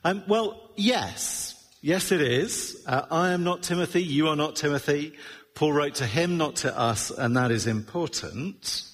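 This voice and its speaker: A man's voice: on the high side, animated, a little slow. A middle-aged man preaching a sermon in a conversational way, with wry asides. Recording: long reverb of a large hall.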